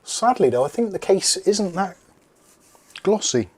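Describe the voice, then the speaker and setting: A man's voice: high voice, big pitch swings, measured pace, darkish tone, slightly rough. A man from England hosting a casual unboxing video, rambling and joking while he chats with his household and his viewers. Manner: rambling, jokey, talks to pets and chat. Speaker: tech video host.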